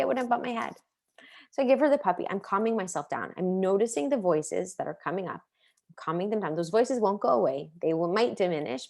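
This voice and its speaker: A woman's voice: medium pitch, darkish tone. A woman in her thirties teaching an online parenting class, earnest and full of questions, sharing personal stories. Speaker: parenting coach.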